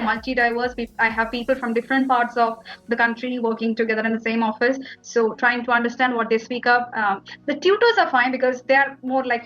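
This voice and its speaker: Chatty young Indian woman, slightly high voice. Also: a bit bright, lo-fi sound. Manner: chatty, fillers like "like" and "you know". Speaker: interview guest, international student. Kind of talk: casual interview chat.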